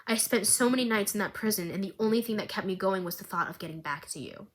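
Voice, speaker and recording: A woman voicing a tough young female fighter, soft and earnest. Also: medium pitch, fast talker, natural voice.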